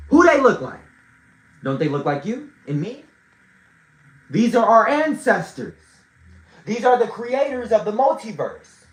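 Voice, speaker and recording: A man lecturing in a high, swinging voice, now shouting, now dropping low. He talks with preachy fervor, curses for punch and circles back over his own phrases. An echoey room rings around him. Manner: emphatic, preachy, swears for emphasis; repeats and restarts phrases. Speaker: self-styled teacher. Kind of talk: impassioned lecture to camera.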